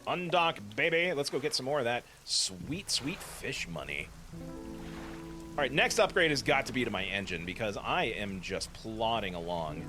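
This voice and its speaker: A man's voice: medium pitch, expressive, normal speed, over music. A man hosting a casual let's play, chatting playfully and meowing to himself while he fishes. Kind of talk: casual gameplay commentary.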